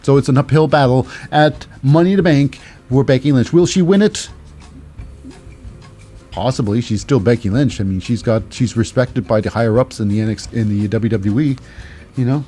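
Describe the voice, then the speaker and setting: A man's voice: medium pitch, moderate pace, mellow, soft background music. A man hosting a podcast and recapping wrestling in a casual, rambling way, with many fillers and restarts. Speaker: podcast host.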